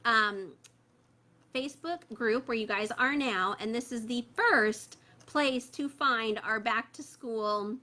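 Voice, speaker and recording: A woman's voice: on the high side, slow, bright, forceful tone. A woman hosting a parents' livestream, chatting casually with many fillers and reading viewer comments aloud, with a phone held close. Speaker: host of a parent membership group.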